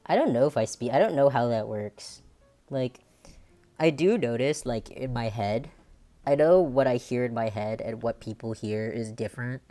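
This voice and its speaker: A woman's voice: extremely low pitch, normal speed, mellow, faint music behind. A woman streamer with a nasal, androgynous voice, chatting casually and rambling, laughing often. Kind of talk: casual chat.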